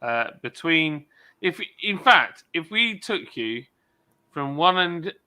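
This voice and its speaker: Slow, very bright man. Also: a little high, sing-song. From England. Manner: rambling, mimics regional accents. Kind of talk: casual chat.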